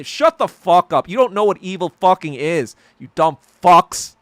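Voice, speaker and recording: A man hosting his own podcast in a solo rant, profane and heated, swinging between loud outbursts and low muttering. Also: animated, normal speed, hardly any pauses, no echo, studio quality. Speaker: podcast host. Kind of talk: solo ranting monologue.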